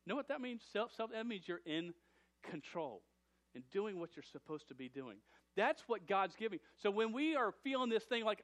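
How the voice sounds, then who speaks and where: Animated man preaching a sermon. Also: high-pitched, fairly quick. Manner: animated, with stammered restarts and repeated words. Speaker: pastor.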